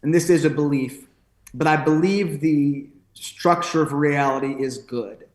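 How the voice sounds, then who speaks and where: A man's voice: on the high side, unhurried, darkish tone. A man, a pro wrestler and podcast guest, talking in a thoughtful, philosophical way with frequent restarts. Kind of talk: reflective podcast conversation. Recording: roomy echo.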